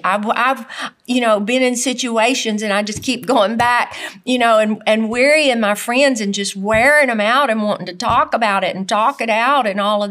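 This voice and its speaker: A woman's voice: on the high side, a bit bright. A middle-aged woman preaching a sermon in an earnest, emphatic way, often repeating her phrases.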